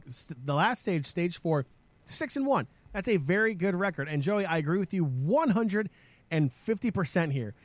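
A man talks through esports news as a co-host. His voice sits high for a man and comes across emphatic and lively, with a habit of repeating words as he gets going. The sound is dry, with no room around it. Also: dry recording. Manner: animated, emphatic, repeats words when starting. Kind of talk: casual esports news discussion.

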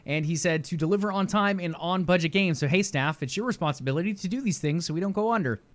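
Chatty higher-voiced man on gaming news. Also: fast. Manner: chatty, filler-heavy, laughs easily. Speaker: podcast co-host. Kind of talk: casual gaming news chat.

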